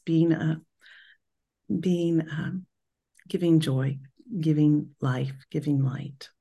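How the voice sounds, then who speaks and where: A woman leading her spiritual group in a reflective talk, speaking slowly and meditatively, pausing often and restarting her phrases. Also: low-pitched, warm tone. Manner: slow and meditative, with pauses and restarts.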